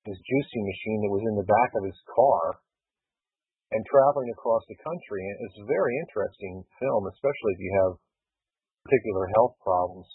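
A man's voice: lowish voice, slightly rough, dry recording. A man hosting a casual call-in chat, rambling with restarts and fillers. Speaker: host. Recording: tinny phone-line audio.

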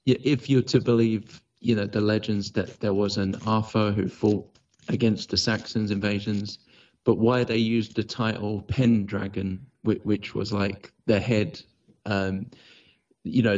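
A man asking a long question in a halting way, stopping on fillers and cut-off words. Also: lowish voice, a little mellow. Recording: distant, muffled lo-fi line.

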